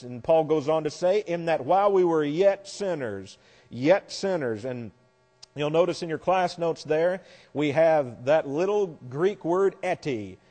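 A man's voice: a little high, darkish tone. A man teaching a Bible class lecture, explaining verses step by step with wry asides. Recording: long hall reverb.

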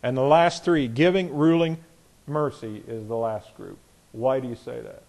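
A man's voice: mid-range voice, vocal fry, a little mellow. A man leading a Bible study class, explaining a passage step by step, asking students questions and reading scripture with stress on key words. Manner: deliberate, repeats words, asks the class questions. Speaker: Bible teacher.

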